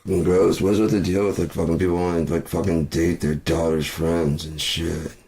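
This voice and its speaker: A man ranting angrily to camera, swearing constantly and breaking into shouts. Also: low voice, little pitch movement, fairly quick, vocal fry, a little hiss or hum. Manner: profane and furious, shouting at times. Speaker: vlogger. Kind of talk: angry political rant.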